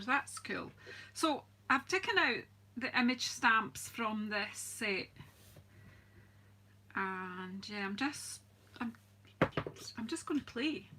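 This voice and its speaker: Hosting a live-stream crafting demo, a woman with a Scottish accent chats homely and casually, greeting her viewers and laughing often. Her voice is high and sharp in tone; she is both the craft demonstrator and the channel host.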